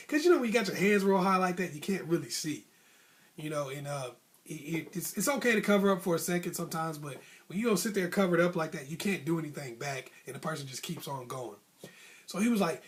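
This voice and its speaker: Guy telling a story casual and animated, high-ish voice, slangy, does little voices for people. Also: brisk. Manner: animated, acts out voices of coach and referee; casual, colloquial speech. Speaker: advice channel host.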